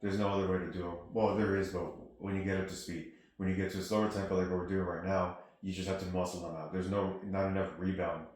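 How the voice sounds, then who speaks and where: Brief: deep, monotone male drum teacher, practical and steady, echoey studio with loud drumming behind. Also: fast talker, few pauses, background noise. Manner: steady, practical explanations mixed with spoken counts. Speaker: drum instructor. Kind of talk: casual teaching with counting aloud. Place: music studio room. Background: snare drum playing.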